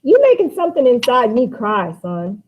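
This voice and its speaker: A woman's voice: a little high, wildly swooping pitch, normal speed, pitched above the performer's own voice. A woman reading Mama, a proud, grieving mother. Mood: sorrowful. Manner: quiet, sorrowful, dignified. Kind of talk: dramatic play reading. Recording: dull lo-fi recording.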